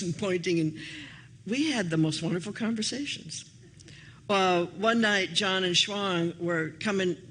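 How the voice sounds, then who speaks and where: Older woman pastor, chatty storyteller, voice swooping up and down, bright tone. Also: slight background noise. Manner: chatty and anecdotal, with lively shifts in pitch. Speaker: minister. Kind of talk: storytelling sermon. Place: church hall.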